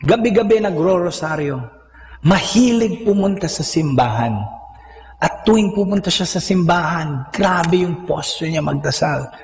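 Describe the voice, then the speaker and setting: High-voiced Filipino preacher in an echoey hall. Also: male voice. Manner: animated storytelling with acted-out outbursts. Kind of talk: sermon. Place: large hall stage at a worship gathering. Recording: echoey hall with long reverb.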